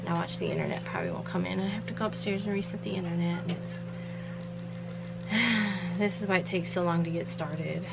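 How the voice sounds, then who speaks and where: A woman's voice: fairly low pitch, big pitch swings, brisk, vocal fry, very noisy. A woman chatting casually from home in a rambling vlog, laughing often. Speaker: vlogger running a shirt business.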